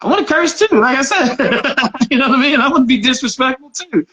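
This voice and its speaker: High-voiced man telling candid stories. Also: lively intonation, brisk, pushed and bright. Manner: laughs often, candid storytelling. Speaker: podcast co-host. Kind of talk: casual chat.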